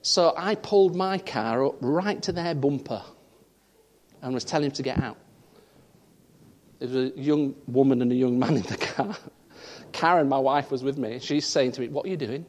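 A man from the north of England preaching a sermon and telling a personal story, his voice swinging from loud, high emphasis down to quiet asides. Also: moderate pace, long pauses. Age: 30s. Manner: animated storytelling, voice rising and dropping for emphasis. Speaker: pastor.

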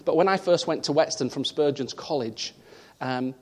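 A man from the north of England preaches with animated storytelling. His voice sits a little high and leaps up for emphasis, then drops quiet for the serious points. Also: normal speed. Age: 30s. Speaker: pastor. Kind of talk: sermon.

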